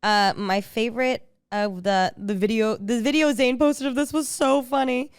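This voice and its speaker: A young woman co-hosting a podcast in casual chat, joking in a teasing, deadpan way, on a close studio mic. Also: a little high, moderate pace, clean tone, no echo. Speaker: podcast co-host.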